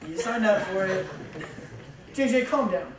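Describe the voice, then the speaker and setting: A man's voice: high-pitched, unhurried, crowd noise. Young man, youth pastor, casual joking sermon, echoing hall, distant mic. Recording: echoey hall from far off.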